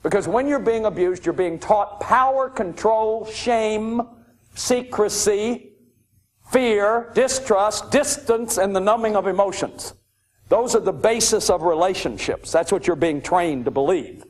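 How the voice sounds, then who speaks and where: A man's voice: sits high, measured pace. A man giving an emphatic, repetitive lecture to an audience about emotional abuse and grief. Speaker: lecturer on addiction and recovery.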